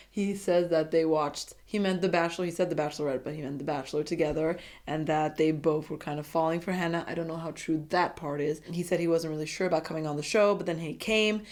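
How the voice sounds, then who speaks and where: A woman's voice: sits low, darkish tone. Gushing woman recapping a dating show. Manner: gushing, dramatic, talks straight to viewers. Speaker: reality TV recap vlogger. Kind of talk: casual recap commentary.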